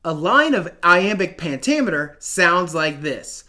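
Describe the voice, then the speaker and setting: A man's voice: high-pitched, sing-song, measured pace, pushed and bright. A man teaching an online class in a jokey, slangy way, sometimes chanting words in a sing-song rhythm. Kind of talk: playful online lesson.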